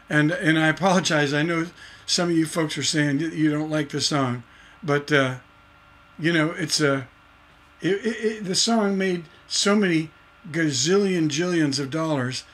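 Man teaching songwriting, slightly high voice. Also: fairly bright tone, breathy edge. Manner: explains with many fillers and restarts, sings out rhythms in nonsense syllables. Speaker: songwriting instructor. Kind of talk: livestreamed songwriting lesson.

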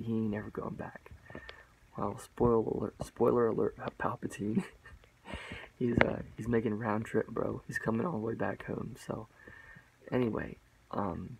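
Gravelly low-voiced man preaching emphatically. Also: darkish tone, slight background noise, low-quality recording. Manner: repetitive, emphatic, rambling; addresses viewers as guys and bro. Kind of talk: mock-sermon monologue.

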